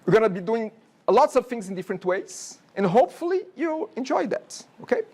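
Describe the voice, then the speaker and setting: A man's voice: extremely high pitch, sing-song, brisk, a little mellow. A man in his forties from Brazil with a Brazilian Portuguese accent, giving a chatty classroom lecture as a college instructor and often checking in with "okay?".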